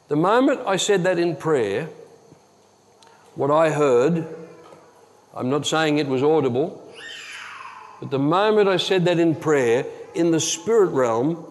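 A pastor delivering a sermon in a church hall, his slightly high voice carrying a long reverb. He tells his story earnestly and drops to a hushed tone when the moment turns tense.

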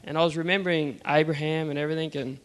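A man's voice: fairly high pitch, fairly even intonation, rapid-fire, big-room sound. Earnest Australian man telling a testimony. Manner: earnest, plain-spoken, acts out the dialogue. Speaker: churchgoer telling his faith story. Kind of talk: personal testimony storytelling.

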